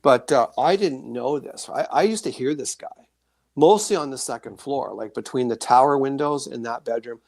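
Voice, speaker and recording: A man being interviewed as a guest, telling rambling, animated anecdotes full of fillers and restarts. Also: medium pitch, moderate pace, gravelly, no room sound. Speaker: guest author sharing paranormal experiences. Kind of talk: casual storytelling interview.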